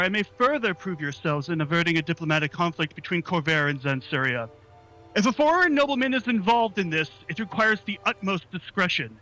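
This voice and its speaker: A man voicing a calm, formal male half-elf spymaster in a tabletop game, speaking in a measured, soothing way. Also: sits high, poor audio.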